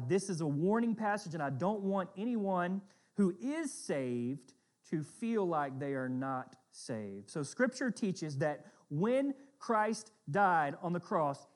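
A middle-aged man preaching a sermon as pastor, earnest and conversational, often checking in with his listeners. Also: sits high.

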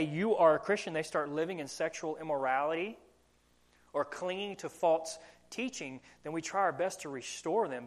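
A young adult man with a country accent preaching a sermon as pastor, earnest and asking the congregation questions. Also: on the high side. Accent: American Southern country.

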